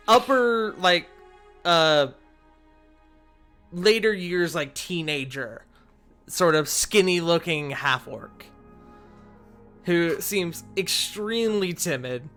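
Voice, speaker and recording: A man's voice: fairly high pitch, bright, forceful tone. A man narrating a tabletop role-play as game master, rambling and hedging with filler words. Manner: rambling, full of fillers like "sort of".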